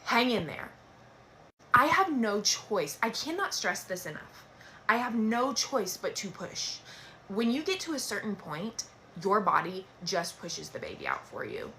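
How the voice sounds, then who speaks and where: A young woman telling a dramatic personal story in a casual storytime, animated and swearing freely. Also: medium pitch, a little slow, a little hiss or hum.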